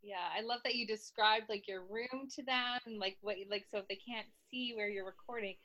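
A woman's voice: medium pitch, steady tone, a little fast, sharp tone, no echo, muffled recording. A woman hosting a podcast interview in an upbeat, friendly way, laughing easily. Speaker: podcast host. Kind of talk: casual interview chat.

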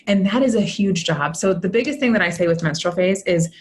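A woman's voice: medium pitch, lively intonation, fairly quick, slight background noise. A woman in her thirties, a mentor and podcast guest, explaining in an upbeat, chatty way and often checking in with "right?". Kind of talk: podcast conversation.

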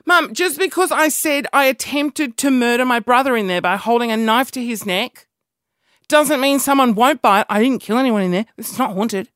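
A woman's voice: on the high side, normal speed, no room sound, studio quality. A young woman with an Australian accent, hosting a casual, rambling monologue and poking fun at herself. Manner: animated, rambling, self-mocking.

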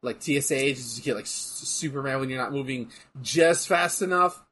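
A man in casual chat, jokey and animated, laughing often between lines. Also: mid-range voice, brisk, breathy edge.

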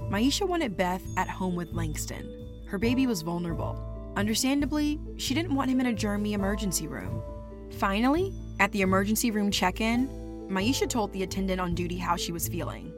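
A woman giving measured scripted narration for a podcast. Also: mid-range voice.

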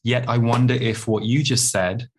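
A man's voice: medium pitch, steady tone, normal speed, a little hiss or hum. Reflective man hosting a podcast. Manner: thoughtful, reflective, with many restarts. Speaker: podcast host. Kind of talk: casual interview chat.

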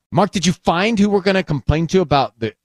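A woman's voice: lowish voice, expressive, fairly quick, a little mellow, dry recording, clean studio sound. A woman hosting a podcast, chatting casually and ranting playfully in mock outrage. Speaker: podcast host. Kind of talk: casual chat.

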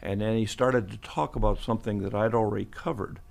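A veteran football coach in his seventies, a guest in a podcast studio, tells rambling stories with chuckles and restarts throughout the interview. His voice is on the low side and creaky with a darkish tone, fairly quick and fairly even in intonation.

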